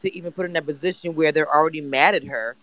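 A woman's voice: low voice, fast, a bit bright, no echo, poor audio. A woman hosting a casual audio chat room, speaking emphatically with hesitant "um" fillers.

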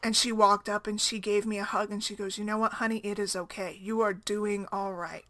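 A woman's voice: mid-range voice, flat delivery, brisk, bright, forceful tone. A woman in her thirties speaking casually about her own life, chatty, often asking "right?" and laughing easily. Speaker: single mom blogger. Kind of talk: casual personal talk.

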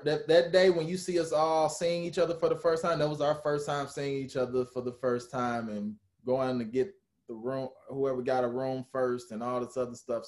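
A man telling a story in a casual interview, animated and acting out what others said. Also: medium pitch. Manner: animated, acts out quotes of others. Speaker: guest, former reality TV cast member.

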